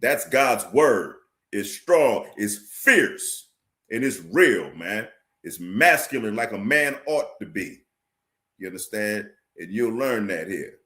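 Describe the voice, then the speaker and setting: A man preaching to his online viewers, forcefully repeating phrases, quoting scripture and checking "you understand?". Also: on the low side, sing-song, slow. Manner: addresses viewers directly, asks "you understand?". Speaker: street preacher teaching a class. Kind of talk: livestream sermon.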